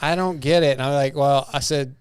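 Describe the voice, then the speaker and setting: A man's voice: a little high, fairly even intonation, brisk, smooth, dry recording. A man in his forties hosting a podcast, chatting casually and telling family stories with a laugh, acting out the voices of people he quotes. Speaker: podcast host.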